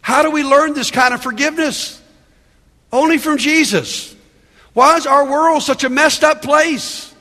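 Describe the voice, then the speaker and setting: Male pastor, high voice, animated sermon delivery, long hall reverb. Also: a little slow. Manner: animated preaching, calls out "Amen?" to the congregation.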